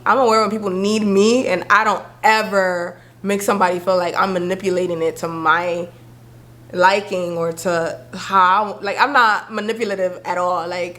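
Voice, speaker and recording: A young woman vlogging to camera, talking candidly and with attitude, acting out friends in quick quoted voices. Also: mid-range voice. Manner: animated, sassy, acts out friends' voices.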